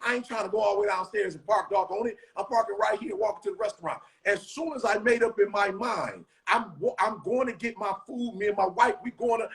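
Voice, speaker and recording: A man's voice: high-pitched, fairly bright tone. A middle-aged man, giving a hyped, preachy motivational talk full of slangy stories. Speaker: motivational speaker and co-host.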